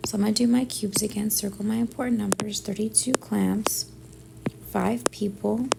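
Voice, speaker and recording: A woman teacher working through division word problems step by step, thinking aloud and often dropping to a soft near-whisper. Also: medium pitch, steady tone, normal speed, gravelly, background noise. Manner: thinks aloud step by step, often softly under her breath. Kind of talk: math lesson walkthrough.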